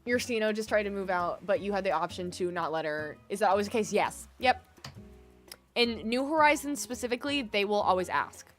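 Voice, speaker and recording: A young woman with a Midwestern American accent chats with her viewers in a loose, animated way, drawing out certain words for dramatic effect. Her voice sits in a middle range. Soft music plays faintly behind her. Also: medium pitch, brisk. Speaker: gaming streamer. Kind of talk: casual live-stream chat with viewers.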